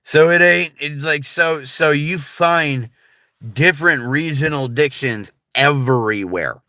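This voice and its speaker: A man's voice: fairly high pitch, slow, bright, forceful tone, dry recording, clean studio sound. A man with a General American accent, chatting casually on a livestream in a laid-back, rambling way full of filler words. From United States.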